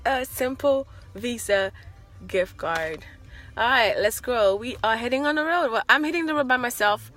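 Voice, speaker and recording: A young woman telling a story in a casual vlog, animated and exclamatory. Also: on the high side, normal speed, soft background music. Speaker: vlogger.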